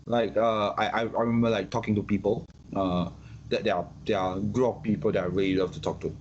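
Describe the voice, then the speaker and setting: A Singaporean man in casual conversation, talking in an animated way with many restarts and repeated words. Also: fairly low pitch, fast, muffled recording, a little hiss or hum. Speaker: guest.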